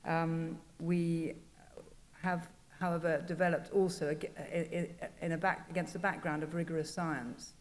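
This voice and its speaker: A woman, a journal editor on a conference panel, telling anecdotes in a halting, self-deprecating way. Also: low voice, flat delivery. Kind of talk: panel talk. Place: conference hall. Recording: reverberant conference hall.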